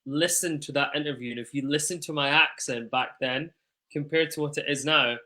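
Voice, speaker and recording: A man's voice: on the high side, sharp tone. A man who performs in musicals, talking earnestly and enthusiastically as an interview guest. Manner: earnest, enthusiastic, fast bursts. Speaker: musical theatre singer and guest. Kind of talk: casual chat.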